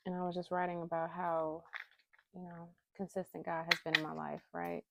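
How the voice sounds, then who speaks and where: A woman with a lowish, level voice and vocal fry talks at normal speed into a phone camera held close, in a very noisy recording. Drawing inspiration cards, she speaks candidly and from the heart about faith and emotions, breaking into emphatic pleading.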